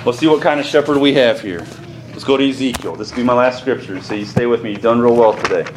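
A man's voice: mid-range voice, fast talker. A man preaching a sermon as pastor, plain-spoken, folksy and earnest. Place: church sanctuary. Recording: roomy echo, faint ambient noise.

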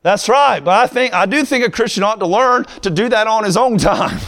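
Young guy preaching, high voice, gets loud and fired up. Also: animated, a little fast. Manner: builds from conversational to shouted, fervent preaching. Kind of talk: sermon.

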